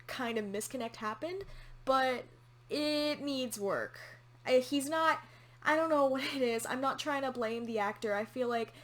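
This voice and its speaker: Woman, reaction vlog host, frank opinions, casual swearing, a bit high-pitched. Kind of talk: casual TV episode reaction commentary.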